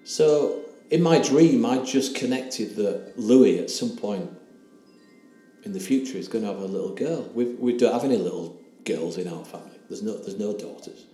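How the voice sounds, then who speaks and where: A man's voice: on the low side, expressive, dark tone, soft background music. A man, earnestly recounting a personal story as an interview guest. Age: 60s. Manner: earnest, emotional, halting retelling with quoted dialogue. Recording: roomy echo with faint background hiss.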